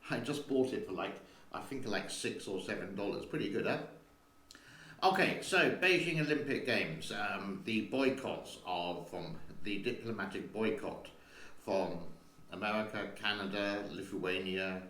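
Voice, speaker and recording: A man's voice: lowish voice, unhurried, fairly bright tone, echoey room, a little hiss or hum. A man hosting a casual vlog from his home studio, chatting in a rambling way and talking to his cat between points. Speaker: channel host.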